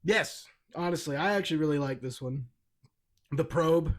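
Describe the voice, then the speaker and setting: A young man with a notably high speaking voice, chatting loosely and swearing as he co-hosts a podcast. He gets animated retelling scenes, slipping into quick put-on voices for the characters. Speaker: podcast co-host. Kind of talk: casual profane chat.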